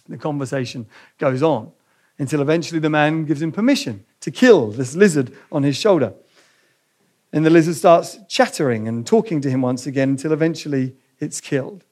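A man's voice: a little high, a little fast. A man preaching a sermon, retelling a story and explaining its meaning to the church. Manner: reads quoted dialogue with lively acted voices. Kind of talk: sermon with dramatic reading.

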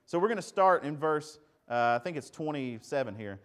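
A male pastor delivers a sermon in a fairly high-pitched voice, talking to the congregation conversationally. He asks rhetorical questions and often stumbles over repeated words. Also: big pitch swings, a little fast, few pauses.

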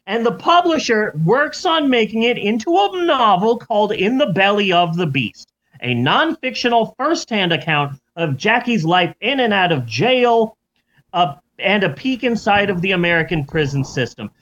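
Give me a playful male podcast host with a lively, fairly high voice. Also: normal speed. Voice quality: playful, jokey. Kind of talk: comedic storytelling. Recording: lo-fi recording.

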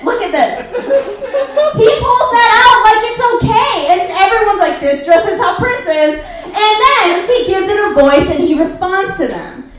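A woman's voice: very high voice, slight background noise. A woman doing live stand-up, recapping a movie over slides with sarcastic, profane asides. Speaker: comedian presenting slides. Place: live comedy venue. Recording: very echoey live room.

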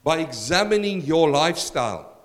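A man's voice: on the high side, sing-song, normal speed. A man preaching a verse-by-verse sermon as pastor, emphatic and direct, addressing his congregation.

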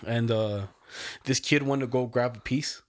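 A man's voice: mid-range voice, fairly even intonation, a little slow. A young man chatting casually, telling loose stories full of slang and laughing often. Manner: laid-back storytelling, heavy slang, laughs often. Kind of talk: casual chat.

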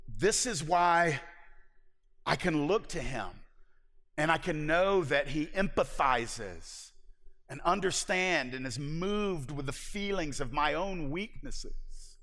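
A man preaching a sermon with passion, building to emphatic peaks and dropping to hushed, intense lows. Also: lively intonation, slow. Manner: impassioned, rises to emphatic peaks and drops to hushed low passages. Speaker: pastor. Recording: long hall reverb.

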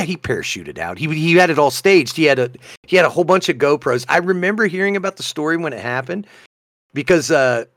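Animated, laughing podcast guy. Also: mid-range voice, no echo, studio quality. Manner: animated, laughs often, reads news stories aloud. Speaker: podcast co-host. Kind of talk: casual podcast chat.

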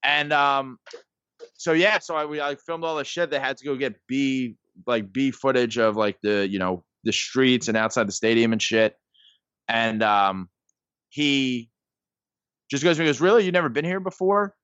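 A man's voice: mid-range voice, unhurried, fairly bright tone, smooth, no echo. A man in his thirties, a podcast guest, telling stories in a casual, rambling way full of "like" and "um". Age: 30s. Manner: rambling, heavy use of "like" and "um". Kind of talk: casual storytelling. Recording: dull lo-fi podcast audio.

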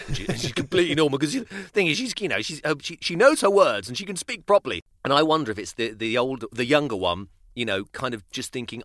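A man's voice: medium pitch, lively intonation, quick pace, few pauses, fairly bright tone, dry recording, clean studio sound. A British man co-hosting a casual podcast. He thinks aloud, restarts his sentences often and laughs easily. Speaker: podcast co-host. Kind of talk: casual chat.

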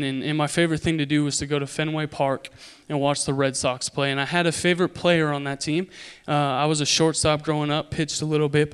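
A young man from Idaho preaching a sermon, telling a story with animated, loud impressions. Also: a little high, clean tone.

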